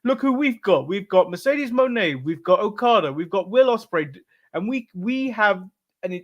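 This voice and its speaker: Exasperated Englishman with a high voice. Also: animated, moderate pace, highs cut off. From England. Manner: exasperated, swearing, laughing. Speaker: podcast co-host. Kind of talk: casual podcast chat.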